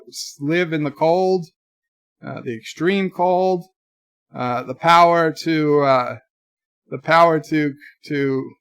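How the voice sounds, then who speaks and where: A man's voice: a little high, fairly bright tone, clear, resonant tone, no room sound. A man hosting a casual livestream, rambling and joking while reading chat messages aloud. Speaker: livestream host.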